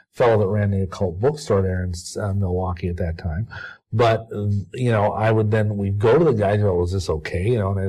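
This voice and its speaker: A man answers interview questions at length, rambling and often stopping to restart his sentences. His voice sits on the lower side. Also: darkish tone, low-quality recording. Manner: rambling, halting, lots of restarts. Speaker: interview guest.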